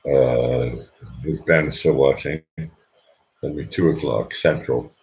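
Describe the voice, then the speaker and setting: A sleepy man hosting a late-night livestream, talking quietly and rambling so he won't wake anyone at home. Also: a bass voice, fairly even intonation, slow, rough recording. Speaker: livestream host.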